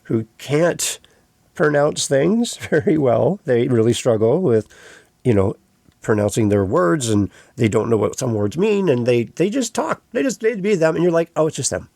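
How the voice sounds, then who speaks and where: Gravelly-voiced man hosting a podcast. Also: mid-range voice, a little slow, no room sound, clean studio sound. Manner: lively storyteller who acts out quoted voices. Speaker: podcast host. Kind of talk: casual podcast conversation.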